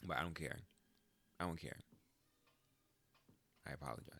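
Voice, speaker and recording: A man in his twenties hosting a podcast, telling a story in a casual, profane, animated way and jumping into high mocking voices. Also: moderate pace, vocal fry, dry recording. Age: 20s. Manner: animated, profane, jumps into high mock voices when quoting. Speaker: podcast host. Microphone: close podcast mic.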